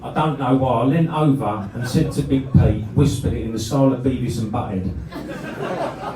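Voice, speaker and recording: A man's voice: medium pitch, normal speed, far from the mic, noisy background. A man telling a sweary comic story on a club stage and laughing through it. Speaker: comedy band frontman. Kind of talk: live stand-up storytelling. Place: club stage with a live crowd. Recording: roomy live club recording from the crowd.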